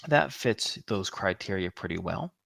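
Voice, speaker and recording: A man's voice: deep voice, animated, measured pace, creaky, fairly bright tone, no echo. A man running a tabletop game as game master, narrating the scene and teasing his player with laughs. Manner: playful, teasing, laughs often.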